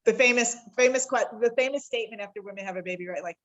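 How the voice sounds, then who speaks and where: A woman in her forties, appearing as a podcast guest, tells a personal story in a heartfelt and reflective way. She acts out the dialogue with quick changes of tone and slows down at the important moments. Her voice sits on the high side with a fairly bright tone, and the recording is rough.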